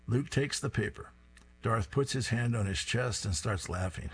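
A man with a low, slightly husky voice reads comic strips aloud for radio, close to a studio microphone. He gives each panel in an easy storytelling way and chuckles at the punchlines. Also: moderate pace. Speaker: radio reading-service host.

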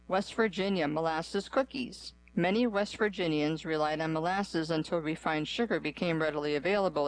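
A reader on a radio reading service, working through a magazine article aloud in an even, measured way with pauses between items. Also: mid-range voice, poor audio.

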